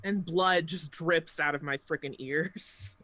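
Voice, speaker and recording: A woman playing in a tabletop game, chatty and quick to laugh, describing her character's actions. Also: sits low, sharp tone. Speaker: player. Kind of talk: casual tabletop play.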